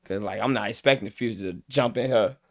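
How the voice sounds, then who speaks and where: A man hosting a casual music reaction, explaining lyrics in an animated way and mimicking how teenagers talk. He is a father who coaches youth. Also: on the low side, quick pace. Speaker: reaction video host.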